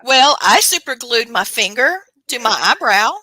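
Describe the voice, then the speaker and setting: A woman hosting a casual paranormal chat show, reacting with loud exclamations. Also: a little high, lively intonation, moderate pace, no echo, poor audio. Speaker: host.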